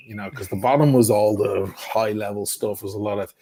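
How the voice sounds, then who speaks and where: A man telling a wild story in casual chat, swearing freely and animated. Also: fairly low pitch, fairly quick, gravelly, breathy edge. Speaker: guest storyteller.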